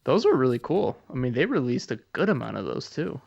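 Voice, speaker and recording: A man with a gravelly, creaky voice chats easily as a podcast guest. His recording is dry and close, with no room sound. He reacts quickly and keeps things light. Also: medium pitch, big pitch swings, a little mellow, no room sound, highs cut off. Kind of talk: casual chat.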